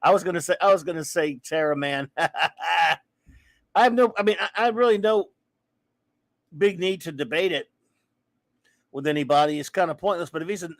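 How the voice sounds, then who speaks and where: A man's voice: fairly high pitch, normal speed, pauses often, dry recording. A man hosting a casual live chat show, ranting and breaking off to read viewer comments aloud. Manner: ranting, restarting sentences, reading chat aloud. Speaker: host.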